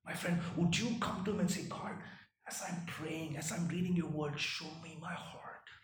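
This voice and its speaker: A man preaching a sermon, swinging from loud impassioned rises to hushed near-whispers, often asking "right?" and calling listeners "my friend". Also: on the high side, steady tone, normal speed, reverberant, far from the mic, a little hiss or hum, poor audio. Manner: peppers points with "right?" and "my friend".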